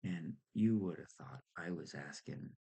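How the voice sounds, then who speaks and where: A man's voice: low voice, lively intonation, unhurried, creaky, mellow, breathy edge. A man vlogging, animatedly telling a personal story, laughing often and acting out the people in it. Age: adult with a child.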